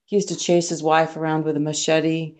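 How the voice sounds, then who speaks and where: A woman's voice: low voice, level tone, brisk, darkish tone. A woman missionary sharing a personal testimony in an interview, telling her story earnestly and acting out the dialogue she quotes. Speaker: missionary guest.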